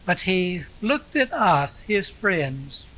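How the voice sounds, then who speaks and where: A pastor delivering a slow, reflective first-person monologue as the apostle Simon Peter. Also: male voice, sits high, very animated, pushed and bright, poor audio. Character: Simon Peter, aging fisherman-apostle recalling his past.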